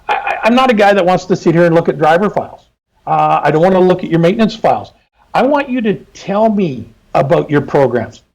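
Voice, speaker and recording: A middle-aged man speaks in a slightly higher register, upbeat and plain-spoken. He talks as a guest in a casual interview, stressing his points with enthusiasm. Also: a little mellow, rough recording. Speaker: trucking safety consultant, guest.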